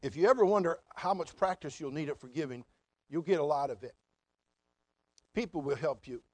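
Middle-aged male pastor, high voice, folksy and animated, close and dry. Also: a little fast, dry recording. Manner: folksy, animated preaching with mock voices and asides. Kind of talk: sermon.

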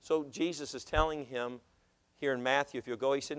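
A man preaching a sermon as pastor, swinging from loud exhortation to hushed asides and telling stories from the pulpit. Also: medium pitch, steady tone, a little fast, smooth. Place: church sanctuary.

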